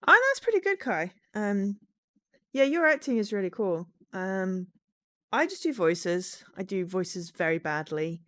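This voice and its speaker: Lively, chatty woman game streamer. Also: medium pitch, slow, no echo. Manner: chatty and self-deprecating, full of fillers and laughs. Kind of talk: casual chat while streaming.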